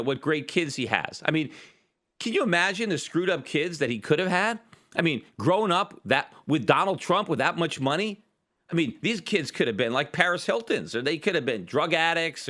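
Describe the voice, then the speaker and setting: A man's voice: fairly high pitch, bright, forceful tone. A man hosting his own podcast, giving emphatic, argumentative political commentary full of rhetorical questions. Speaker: podcast host.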